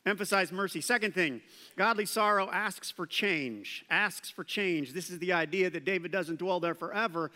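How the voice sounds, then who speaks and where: A man preaching a sermon as pastor, animated and acting out quoted voices. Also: sits high, moderate pace. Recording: long hall reverb.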